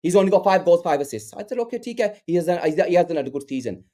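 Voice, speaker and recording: Animated, argumentative man, lively voice. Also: sits high, fast. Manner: animated, argumentative, repeats himself, talks over others. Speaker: podcast panelist. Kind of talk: heated football debate.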